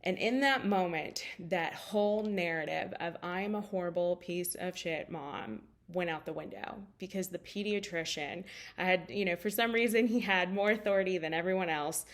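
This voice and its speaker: A woman's voice: fairly low pitch, normal speed. A life coach in her thirties telling a personal story in a candid, emotional way, with many fillers.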